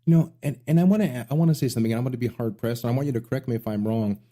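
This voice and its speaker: A man's voice: medium pitch, racing, mellow. A middle-aged man hosting a music radio show, telling rambling stories with enthusiasm. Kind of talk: casual interview chat.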